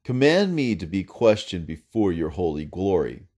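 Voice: a man voicing a humble male archangel. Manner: earnest, pleading, rising and falling. Pitch: low. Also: big pitch swings, normal speed, a little mellow, husky, heavily acted.

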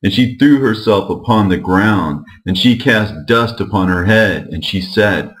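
Man with a very deep voice reading old scripture, slow steady pace. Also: low-quality recording. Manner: measured, steady reading of archaic text. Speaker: narrator.

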